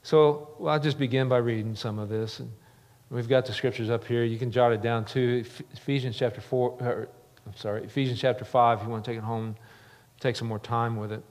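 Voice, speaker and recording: A man's voice: mid-range voice, fairly even intonation, fairly quick, a little mellow. A middle-aged man preaching a sermon as a pastor, earnest, building emphasis with repeated phrases. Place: church sanctuary. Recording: long reverb of a large church hall.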